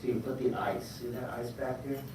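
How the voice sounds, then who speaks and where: Energetic man leading a kids' drawing lesson. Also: mid-range voice, brisk. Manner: energetic, encouraging, call-and-response. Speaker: drawing teacher. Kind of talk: live drawing lesson for children. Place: large school hall. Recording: very echoey hall, distant mic, noise.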